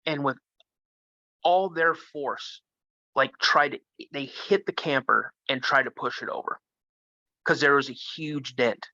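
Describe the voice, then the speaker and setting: A man from Minnesota, a guest telling a story in a casual, animated way. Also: medium pitch, no echo. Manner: animated, acts out the voices of others. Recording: dull lo-fi sound.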